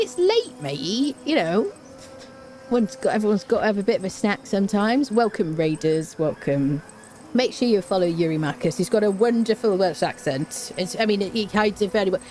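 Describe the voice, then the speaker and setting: A woman's voice: mid-range voice, moderate pace, darkish tone. A young woman, chatting playfully and laughing often as she live-streams a game. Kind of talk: casual live-stream chat while gaming.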